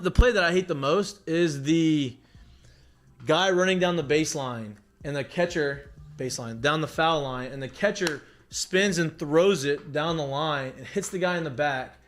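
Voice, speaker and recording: A man talking casually as a podcast guest, telling animated stories about baseball with lots of "like" and frequent swearing. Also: fairly high pitch. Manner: animated storytelling with heavy profanity and filler "like". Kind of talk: casual chat.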